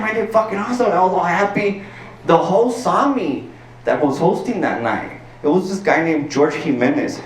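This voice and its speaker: Male stand-up from El Paso, profane and animated, slightly higher register, roomy sound with faint background hiss. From El Paso, Texas. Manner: animated and profane, peppered with "like" and "dude". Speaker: stand-up comedian. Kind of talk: stand-up storytelling. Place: packed garage show. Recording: roomy sound from a distant mic.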